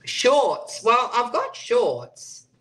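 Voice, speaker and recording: A woman's voice: fairly high pitch, big pitch swings, very slow, a bit bright. A woman hosting a live stream, chatting casually and reading out viewer comments and answering them. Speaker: livestream host.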